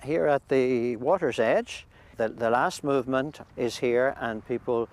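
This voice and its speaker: A man, a priest, describing a pilgrimage in a thoughtful, halting way with many restarts, recorded outdoors by a lake. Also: medium pitch. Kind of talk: conversational interview. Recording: faint outdoor background noise.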